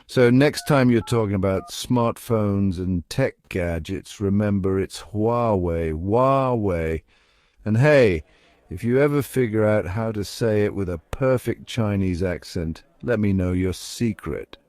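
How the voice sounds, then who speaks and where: A man giving scripted, upbeat narration as a pronunciation guide, coaxing the listener and slowing down to spell out each word. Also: lowish voice, darkish tone, smooth, no echo.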